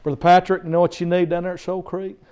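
A man's voice: high voice, level tone, fast, dark tone, smooth. A middle-aged man, preaching a sermon through an emphatic, repetitive story. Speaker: guest preacher.

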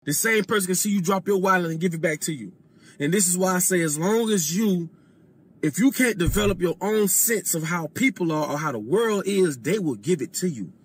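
A man speaking as a guest on a casual podcast, lecturing in a deliberate way and often dropping his voice low. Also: lively intonation, breathy edge, no room sound.

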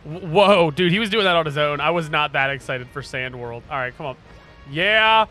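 A young man commenting on a video game as he plays, excitable and prone to loud, swearing outbursts. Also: fairly high pitch, moderate pace. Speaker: gaming streamer. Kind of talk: let's play commentary. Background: game music.

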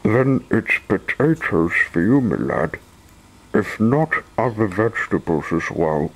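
A man's voice: lowish voice, big pitch swings, measured pace, full character voice, low-quality recording. A man voicing an eccentric, pompous wizard in a storybook reading, theatrical and rambling. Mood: stern, musing.

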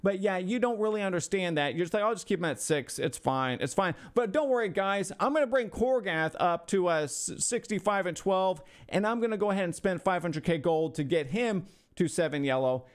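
A man's voice: high-pitched, a little fast, hardly any pauses, smooth. A man streaming a mock-insulting review of a viewer's game roster, ranting profanely and sarcastically in exasperation. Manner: sarcastic, talks back to imagined hecklers. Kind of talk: mock-insulting livestream commentary.

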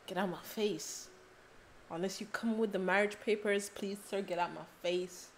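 A woman hosting a reaction video, talking casually with excitable, playful, teasing exclamations. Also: mid-range voice, normal speed, slight background noise.

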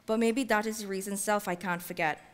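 A woman author reading her fiction aloud in a measured, heartfelt first-person voice, using Caribbean-English dialect. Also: mid-range voice, fairly even intonation. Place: library event space. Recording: long reverb from a large hall.

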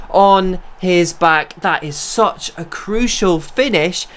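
A young man narrating his own football video game as a gaming creator, talking to himself and bursting into high shouts when chances come. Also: slow pace, hardly any pauses, slight background noise. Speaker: gaming YouTuber. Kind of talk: live gameplay commentary.

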